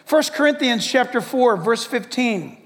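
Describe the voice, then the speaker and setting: A man preaching a sermon as pastor, in a lively conversational way with acted asides. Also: very high-pitched, measured pace, big-room sound.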